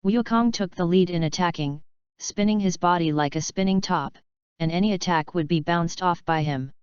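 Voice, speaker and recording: A woman reads a fanfiction story aloud in a steady, even narrating voice. Her voice sits a little low and sounds very smooth and clean. The recording is dry and a bit dull. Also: normal speed, no room sound. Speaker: audiobook narrator. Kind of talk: reading a fanfiction audiobook.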